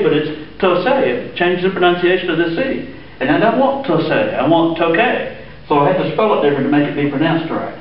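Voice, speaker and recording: A man teaching a Spanish grammar lesson, patiently walking through examples with frequent "uh" fillers. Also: on the high side. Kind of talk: classroom lesson explaining grammar. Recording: echoey room, distant mic, dull sound.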